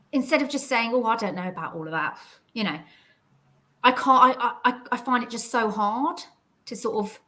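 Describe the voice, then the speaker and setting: A woman from England chatting casually as a guest, telling stories and acting out what other people said. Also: on the high side. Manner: chatty, animated storyteller who acts out other people's lines. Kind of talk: casual chat about mental health.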